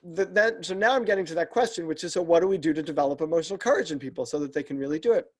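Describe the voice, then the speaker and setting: A man with a fairly high voice talks as a podcast guest about his coaching work. He explains earnestly and methodically, circling back and restarting his sentences as he builds each point. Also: rapid-fire. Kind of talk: explanatory interview talk.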